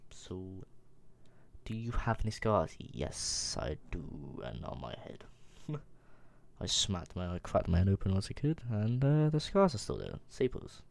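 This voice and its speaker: A man's voice: low voice, sing-song, unhurried, gravelly. A young man casually reading questions aloud and answering them himself in an offhand, mumbling way. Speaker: vlogger. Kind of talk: casual Q&A vlog.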